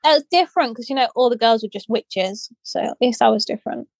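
A woman's voice: a little high, fast talker, vocal fry, dry recording. Chatty young woman with a dry close voice. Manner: chatty, laughs often, rambling asides. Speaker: podcast co-host. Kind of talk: casual chat.

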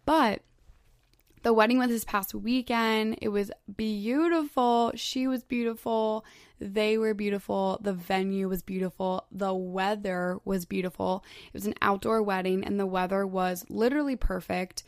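A young woman in her twenties hosts a solo podcast, chatting casually and gushing, with "like" in almost every phrase. Her medium-pitched voice stays steady and a little slow, recorded with studio quality and no room sound.

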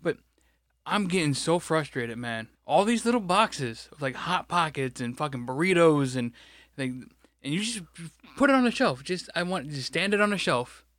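Rambling, cursing man, slightly high voice. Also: expressive, normal speed, fairly bright tone, dry recording, clean studio sound. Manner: rambling, frustrated, swears a lot. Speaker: podcast co-host; grocery stocker. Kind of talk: casual profane chat.

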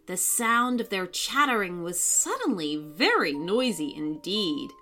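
A woman reads a children's bedtime story slowly and expressively, her bright voice rising and falling in a sing-song way. Soft music plays faintly behind her. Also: fairly low pitch, big pitch swings.

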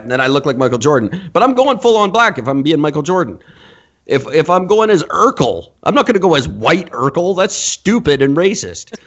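A man's voice: a little high, lo-fi sound. Blunt, profane male podcast host. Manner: blunt, profane, mocking, laughs often. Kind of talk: casual comedic rant.

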